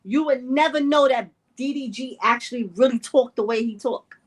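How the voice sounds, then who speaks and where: High-voiced woman in casual chat. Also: moderate pace. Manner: animated, repeats points for emphasis. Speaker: podcast co-host.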